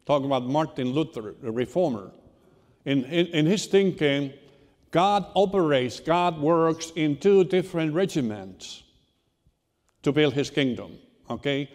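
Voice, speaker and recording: A man's voice: on the high side, a little mellow. Guy preaching, stops and restarts a lot, churchy echo. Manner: unhurried, halting delivery with repeated restarts. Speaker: pastor. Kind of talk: sermon. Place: church sanctuary. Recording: reverberant church hall.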